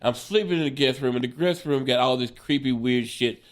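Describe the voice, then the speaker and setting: A man in his forties, a stand-up comedian, telling a wild road story on a podcast in an animated, profane way and laughing as he goes. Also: mid-range voice, fairly quick.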